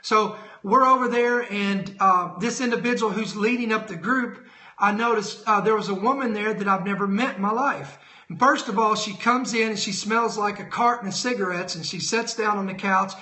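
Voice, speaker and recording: A middle-aged man giving a live sermon-style talk as host, telling stories with lots of quoted dialogue and quick self-corrections. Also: sits high, pushed and bright, reverberant. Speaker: host of a Christian teaching stream.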